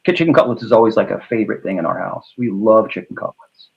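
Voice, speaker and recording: A man's voice: lowish voice, fast talker, gravelly, muffled recording. A man with a New York accent chatting casually about food, rambling and often repeating himself. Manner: rambling, repeats words, says bro a lot. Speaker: host. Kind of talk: casual chat.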